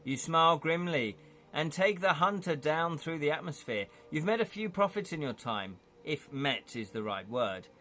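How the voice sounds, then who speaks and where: A man's voice: on the high side, expressive, normal speed, bright, forceful tone. A man streaming live, reading an interactive gamebook aloud and chatting to viewers, laughing often.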